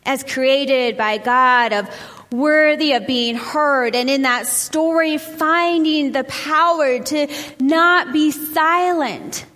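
A woman speaks earnestly and with measured emphasis, slowing down on the phrases that matter most. Her voice sits a little high. A long reverb trails each line, as if she stands in a large hall. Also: a bit bright. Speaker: speaker reading a memoir aloud. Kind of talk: earnest reading and preaching.

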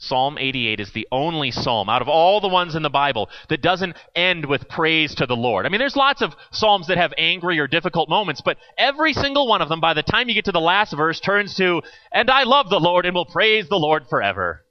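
A man preaching in a loose, conversational way, his higher voice rising and falling all over the place. He swings from loud bursts to near hush. The recording sounds dull, lo-fi and dry. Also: animated, brisk, few pauses, no room sound. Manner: conversational, with sudden dramatic swings between loud and hushed. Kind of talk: sermon.

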